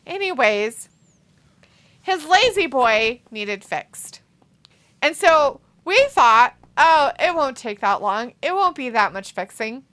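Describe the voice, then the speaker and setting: A woman hosting a livestream in casual chat, animated and cursing freely, often laughing. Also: high-pitched, slow pace. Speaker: stream host.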